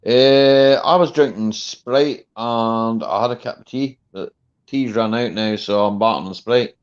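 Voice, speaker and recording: A man's voice: mid-range voice, unhurried, smooth. A Scottish man hosting a casual online chat, chatty and easygoing, peppering his talk with "you know" and "eh". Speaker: livestream host. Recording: lo-fi call audio.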